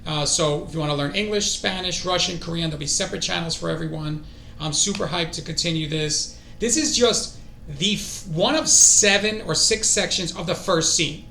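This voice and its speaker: A man streaming his own language study, excitable and thinking aloud as he goes. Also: fairly high pitch, moderate pace, creaky, reverberant, slight background noise. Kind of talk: casual self-study stream.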